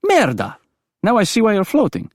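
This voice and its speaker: A man voicing a brisk young male vampire who speaks quickly and sounds startled. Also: high-pitched, huge pitch swings, dry recording, clean studio sound, voice pushed up, exaggerated voice.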